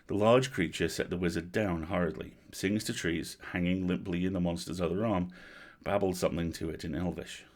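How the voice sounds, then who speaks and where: A man reading a dark fantasy novel aloud on a livestream, in a steady, measured storytelling manner. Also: low-pitched.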